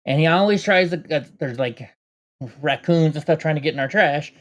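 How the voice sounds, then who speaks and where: A man's voice: a little high, normal speed. Male streamer, casual rambling chat, talks to his dog. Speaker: livestream host.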